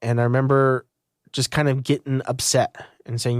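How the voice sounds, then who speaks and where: A man's voice: mid-range voice, flat delivery, moderate pace, no echo, studio quality. A young man from Utah earnestly recounting his own story in an interview. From Utah, United States. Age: young adult.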